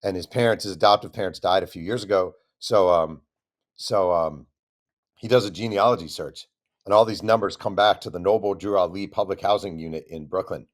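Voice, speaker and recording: A man, an author guest on an interview show, telling a long story with lively acted-out quotes. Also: deep voice, brisk. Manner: animated storyteller, acts out quoted voices.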